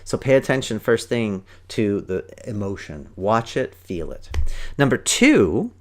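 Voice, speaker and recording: A man's voice: lowish voice, unhurried. A man hosting a parenting podcast, coaching listeners, asking them questions and acting out short scenes in different voices. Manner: animated, asks the listener questions; acts out voices in little scenes.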